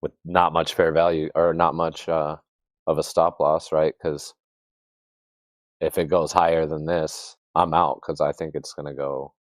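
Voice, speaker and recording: A man's voice: very deep voice, level tone, measured pace, dry recording. A man talking trading charts in a loose, rambling casual chat. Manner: rambling, loose, uses hunting analogies. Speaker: trader.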